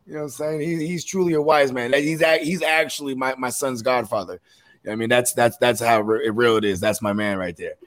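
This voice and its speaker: A man's voice: medium pitch, a little fast, fairly bright tone. A man hosting a casual sports podcast, talking loosely and filling gaps with "you know what I'm saying.". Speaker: podcast host.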